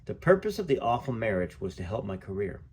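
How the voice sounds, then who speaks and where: A man's voice: lowish voice, sing-song, fast, darkish tone, slightly rough. A man reading a memoir aloud as a channel host, chatty, with fillers and self-corrections. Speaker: book reader and channel host.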